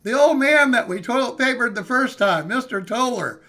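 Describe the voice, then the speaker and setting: An older man tells a story in a rambling, folksy way, his voice pitched high and bright with a gravelly rasp. He is in his sixties, and he chats straight to his live-stream viewers. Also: expressive, normal speed. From California, USA. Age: 60s. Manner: folksy, rambling, calls listeners "man" and "hey". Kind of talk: casual storytelling.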